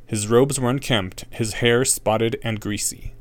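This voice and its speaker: A man narrating an audiobook with an expressive, wry reading. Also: medium pitch, unhurried.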